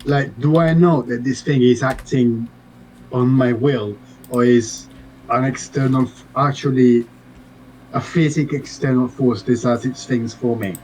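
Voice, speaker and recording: A man's voice: medium pitch, steady tone, measured pace, a little mellow, a little hiss or hum, poor audio. A man playing a tabletop game, chatting casually and playfully asking the game master questions. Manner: playful, asks rules questions. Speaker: player.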